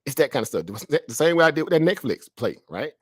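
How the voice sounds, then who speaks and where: Fast-talking man hosting a trading live stream. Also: a little high, big pitch swings, slightly rough, no room sound. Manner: conversational, frequent "right?" tag questions, laughs between phrases. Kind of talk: casual live stream commentary.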